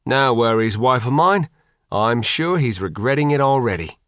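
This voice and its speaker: A man's voice: mid-range voice, lively intonation, normal speed, a bit bright, clear, resonant tone, no room sound, close to an everyday voice. Narrator guy as a laid-back wry commodore in a storybook, dry close sound. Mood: easygoing. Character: relaxed, wry man, the husband and commodore.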